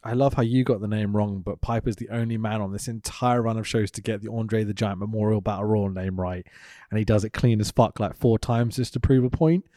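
A man's voice: lowish voice, fairly even intonation, brisk, dark tone, no room sound, studio quality. A man co-hosting a podcast, recapping wrestling in sweary, sarcastic casual chat and laughing often. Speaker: podcast co-host.

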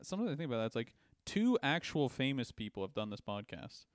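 Young man, podcast co-host, smooth clear voice, dry close sound, crude rambling banter. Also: mid-range voice, big pitch swings, fast talker, no room sound. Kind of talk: casual chat.

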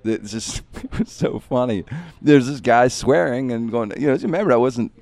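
A man's voice: medium pitch, normal speed, a little mellow, no room sound. A man, a comedian, talking in a casual interview, rambling and reflective, often saying "man.".

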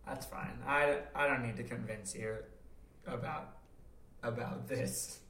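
A man's voice: mid-range voice, steady tone, slow, bright, forceful tone, recorded from a distance. A man co-hosting a podcast in casual chat, joking and rambling with frequent trailing-off. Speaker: podcast co-host. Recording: roomy echo from away from the mic.

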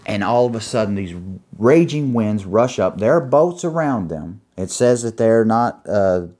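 A man preaching an earnest sermon, pausing to find his place and reading scripture aloud. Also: fairly low pitch, animated, mellow. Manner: earnest, reads scripture aloud with pauses while finding pages.

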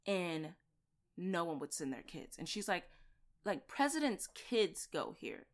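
A woman's voice: lowish voice, big pitch swings, a little slow. A woman in casual podcast chat, explaining things in a chatty, emphatic way.

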